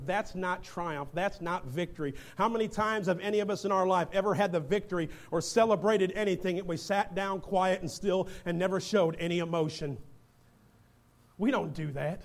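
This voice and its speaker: A man preaching a fervent sermon in a church, building from reading scripture to shouting exhortation. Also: high-pitched, normal speed.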